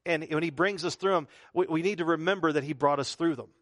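A man's voice: on the high side, fast talker, a bit bright, no room sound, studio quality. A male pastor preaching a conversational sermon, full of rhetorical questions and repeated phrases.

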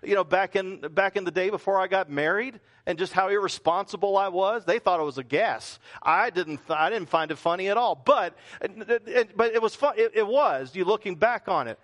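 A man's voice: high-pitched, moderate pace, hardly any pauses, fairly bright tone. A middle-aged male pastor preaching a conversational sermon, often repeating words and asking rhetorical questions.

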